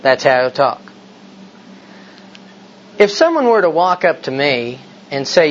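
A man's voice: on the high side, sing-song, a little slow, pauses often. A man preaching a sermon, emphatic and full of rhetorical questions. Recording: slightly dull recording with faint hiss.

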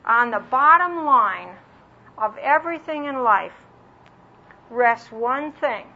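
A woman teaching a Bible lesson as a sermon, earnest and slowing down to stress key phrases, acting out little quoted voices with self-deprecating humor. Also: fairly high pitch, expressive. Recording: dull lo-fi recording with faint background hiss.

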